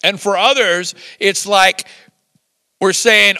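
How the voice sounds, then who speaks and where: Animated older male preacher. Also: high voice, measured pace, no echo. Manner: lively storytelling with chuckles and acted-out quotes. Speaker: pastor. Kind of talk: sermon.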